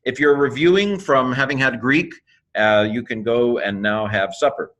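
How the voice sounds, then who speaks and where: A man teaching New Testament Greek in a casual video lesson, naming the letters one at a time with fillers and quick asides to the viewer. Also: mid-range voice, fairly bright tone. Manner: spells out Greek letters one by one, with many fillers and self-corrections.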